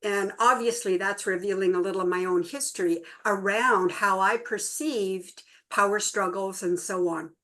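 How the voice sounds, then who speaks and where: A woman's voice: medium pitch, moderate pace, hardly any pauses. A middle-aged woman co-hosting a relationship workshop, telling stories to a small group and livening up the quoted voices. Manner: storytelling, animated in quoted voices. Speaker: workshop co-host. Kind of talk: relaxed talk to a small group.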